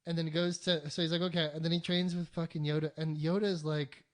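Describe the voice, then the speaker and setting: A podcast co-host chatting casually, swearing constantly and acting out quick mock voices for the characters. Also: medium pitch, little pitch movement, background noise.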